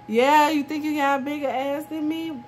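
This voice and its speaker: A woman's voice: sits high, a little hiss or hum. A woman in her twenties telling a casual storytime vlog, acting out the quoted dialogue of everyone involved. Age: 20s. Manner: animated retelling that acts out quoted dialogue, with laughs.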